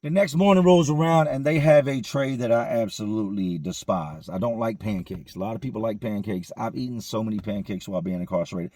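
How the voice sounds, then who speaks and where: A man tells his story in a relaxed, slangy street voice, tossing in asides like he is talking to a friend. His tone sits in a middle register with a husky, slightly rough texture, and the sound is close and dry. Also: on the low side, a little fast, few pauses, no room sound. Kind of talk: casual storytelling.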